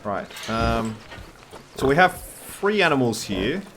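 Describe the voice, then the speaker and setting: Male gaming host, casual think-aloud commentary, average pitch, noisy game-audio bed. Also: very animated, slow pace. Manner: chatty, thinks aloud, wry asides.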